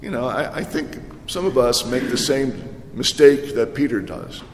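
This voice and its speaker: A man preaching a sermon as a pastor, in a conversational, animated storytelling way. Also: mid-range voice, unhurried, reverberant, long reverb tail, a little hiss or hum.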